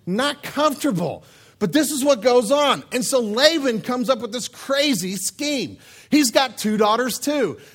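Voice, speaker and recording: High-voiced man preaching with jokes. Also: a little slow. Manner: joking, animated, conversational. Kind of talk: humorous sermon.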